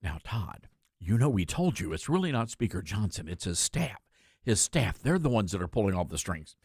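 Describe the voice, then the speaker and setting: A man putting on the voice of a male caller, hushed and insistent, making excuses. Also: fairly low pitch, sing-song, moderate pace, creaky, breathy edge, no echo, studio quality, voice pushed down, heavily acted.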